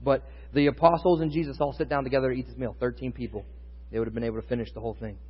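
A man preaches a sermon in a conversational teaching style, sometimes building in intensity. His medium-pitched voice is husky and steady in tone, and he talks rapid-fire. The sound is muffled, with long reverb in a hall.

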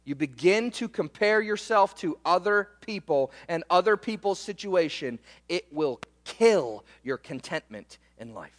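A man's voice: high-pitched, lively intonation, measured pace, hardly any pauses, big-room sound. A male pastor preaching a sermon in a conversational, emphatic way, often repeating words and returning to short refrains.

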